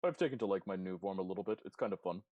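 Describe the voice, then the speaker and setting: A man's voice: low-pitched, racing, dry recording, phone-quality sound, natural voice. A man voicing a formal, eloquent man cursed into a seal's form, speaking in stiff, courtly phrases during a tabletop game. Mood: proud. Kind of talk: tabletop role-play voice.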